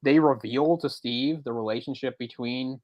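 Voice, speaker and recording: Man, casual podcast co-host, rambling retelling, restarts and chuckles, mid-pitched, dry close sound. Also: normal speed, dry recording, lo-fi sound. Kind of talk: casual movie discussion chat.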